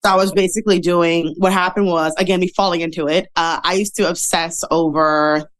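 Candid, chatty woman with a lowish voice. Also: fairly even intonation, brisk. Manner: candid and chatty, self-deprecating, laughs often. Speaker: guest. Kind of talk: casual interview storytelling.

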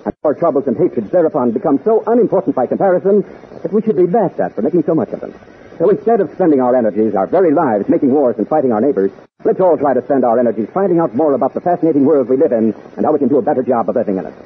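Man, earnest announcer, scripted talk, animated pitch, tinny 1940s radio sound. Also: very fast. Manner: earnest, addresses listeners as gang. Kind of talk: scripted public-service talk. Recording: tinny old radio broadcast with faint noise.

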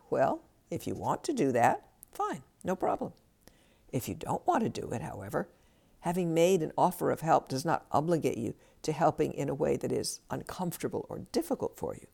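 A woman's voice: low-pitched, very animated, moderate pace, creaky, warm tone. A woman hosting a self-help podcast, giving direct, coaching advice from a script and acting out bits of dialogue.

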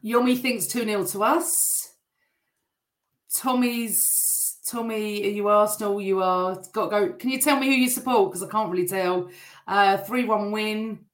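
A middle-aged woman hosting a live stream, chatting and greeting viewers by name while reading their comments, her voice still a little rough. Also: mid-range voice, fairly even intonation, a little slow, roomy sound.

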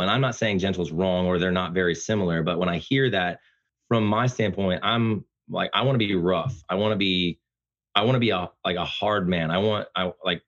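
A man talking casually as a podcast guest, speaking loudly and passionately with animated storytelling. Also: muffled recording. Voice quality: loud booming voice. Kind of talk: casual conversation.

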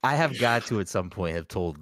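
Low-voiced blunt man in casual chat. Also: expressive, a little fast, a bit bright, no echo, studio quality. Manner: blunt, swears freely, emphatic. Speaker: podcast co-host.

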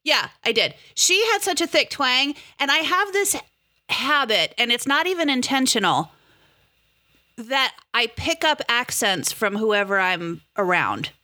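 A woman co-hosting a podcast in casual chat, giggly and animated. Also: fairly high pitch, a little slow, no echo. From lives in the US South. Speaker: podcast co-host.

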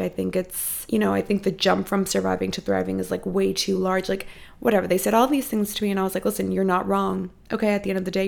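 Gravelly-voiced woman giving a profane pep talk. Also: medium pitch. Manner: expressive, profane, animated emphasis. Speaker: podcast host. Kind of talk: casual motivational pep talk. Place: apartment room at home.

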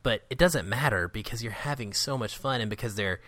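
A man's voice: lowish voice, no room sound. A man co-hosting a film podcast, chatting casually and animatedly, laughing often and mimicking characters' lines. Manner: animated, laughing, doing quick impressions of characters. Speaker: podcast co-host.

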